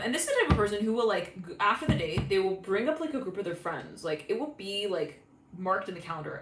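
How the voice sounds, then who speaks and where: A woman's voice: mid-range voice, expressive, quick pace, a bit bright, reverberant, slight background noise, low-quality recording. Rambling, giggly woman reading tarot. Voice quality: giggly, rambling with many fillers. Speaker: tarot reader. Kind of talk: casual intuitive reading.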